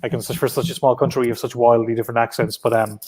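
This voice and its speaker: An Irish man chats from home through his laptop on a video call. His voice sits at an ordinary middle pitch, and he talks in loose, rambling runs. He restarts his sentences often and leans on easy filler words. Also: little pitch movement, rapid-fire, darkish tone, slightly rough. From Ireland. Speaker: guest comic writer. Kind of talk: casual interview over video call.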